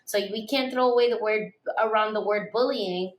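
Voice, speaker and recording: A woman's voice: medium pitch, moderate pace. A woman hosting a podcast, chatting casually and speaking bluntly. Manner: outspoken, blunt remarks. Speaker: podcast host. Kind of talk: casual chat. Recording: roomy echo.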